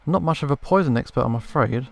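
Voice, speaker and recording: A man's voice: mid-range voice, animated, fast talker, creaky, soft background music. A man voicing a boastful, self-assured male hunter telling a story in a video game.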